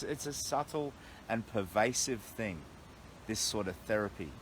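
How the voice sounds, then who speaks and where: A man's voice: lowish voice, slight background noise. A middle-aged Australian man on a long walk, talking earnestly and thinking aloud to livestream followers from his camp at night. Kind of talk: casual reflective livestream talk. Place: camped outdoors at night in a storm. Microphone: phone livestream.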